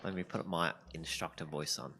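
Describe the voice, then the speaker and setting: A man's voice: low-pitched, steady tone, moderate pace, gravelly, bright, forceful tone. A man keeping time on a workout stream, counting down and making dry, teasing jokes. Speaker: co-host and timekeeper.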